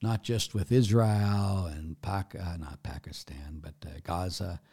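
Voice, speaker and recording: Gravelly, blunt-talking priest. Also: male voice, low voice, a little slow, warm tone. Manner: blunt, chatty, many fillers, preachy asides. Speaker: priest answering viewer questions. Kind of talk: casual live Q&A, reading comments aloud.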